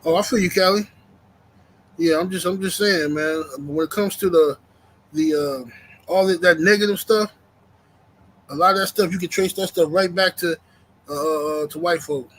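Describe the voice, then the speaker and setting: Bright-voiced man ranting on a livestream. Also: high-pitched, normal speed, pauses often, low-quality recording. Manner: ranting, repeats himself, reads chat aloud. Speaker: YouTube livestream host. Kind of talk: casual livestream rant.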